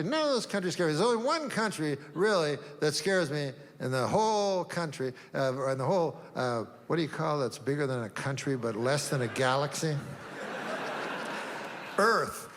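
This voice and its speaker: A man doing a stand-up routine, deadpan and rambling, with long meandering setups and offhand asides. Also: on the high side. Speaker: stand-up comedian. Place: comedy stage before a live audience. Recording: live room reverb, faint ambience.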